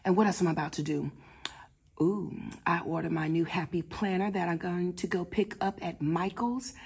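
A middle-aged woman teacher and mom chatting casually to her viewers in an expressive, talkative way. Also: fairly low pitch, moderate pace, slightly rough. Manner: chatty and expressive, addresses viewers warmly as "baby" and "y'all". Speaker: elementary school teacher and mom. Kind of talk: casual vlog chat.

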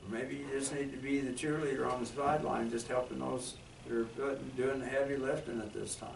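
A man preaching a folksy, excitable sermon as a guest speaker in a church hall. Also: medium pitch, brisk, creaky, slight background noise. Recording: echoey hall, mic from a distance.

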